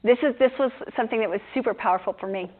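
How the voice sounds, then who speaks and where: A woman yoga teacher chatting in a group discussion, lively and laughing, acting out her own inner voice. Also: a little high, racing. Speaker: yoga teacher hosting a teacher training. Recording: tinny phone-like sound.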